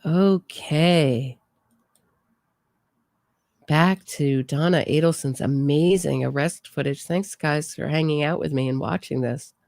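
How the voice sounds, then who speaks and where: A woman's voice: deep voice, takes it slowly, darkish tone, no room sound. A woman hosting a true crime show, chatting casually and amused as she reacts to footage. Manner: amused, chatty, laughs often. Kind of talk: casual live-stream reaction commentary.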